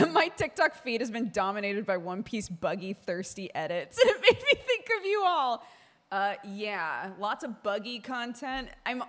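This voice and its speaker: A woman's voice: medium pitch, a bit bright. A woman streamer chatting casually with her viewers, laughing often as she talks. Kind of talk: casual live-stream chat.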